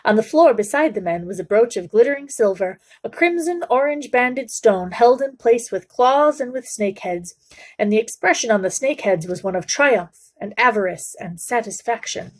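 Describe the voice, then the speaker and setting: A woman reading a children's novel aloud for a book club, in a steady, measured storytelling voice. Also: fairly high pitch.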